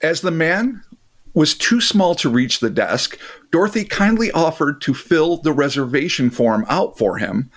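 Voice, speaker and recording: Man, podcast host, fairly high pitch, casual storytelling, joking asides. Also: expressive, measured pace, fairly bright tone. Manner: reads the story, breaks off for jokes and swearing. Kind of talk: casual chat and story reading.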